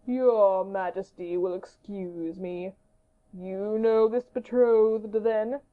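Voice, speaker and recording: A woman voicing a flattering male courtier in an audiobook, speaking slowly and deferentially. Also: medium pitch, lightly acted. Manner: slow, measured, deferential. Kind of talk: audiobook character reading. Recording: dull lo-fi audiobook recording.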